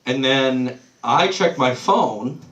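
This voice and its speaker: This comedian's mid-range voice is expressive, slow and slightly bright as he does a loose, foul-mouthed live set on a small club stage, laughing whenever he loses track. The recording carries roomy club sound from off-mic.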